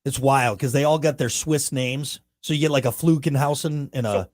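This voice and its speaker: A man co-hosting a podcast, chatting casually and riffing with animated emphasis. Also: mid-range voice, moderate pace. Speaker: podcast co-host. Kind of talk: casual chat.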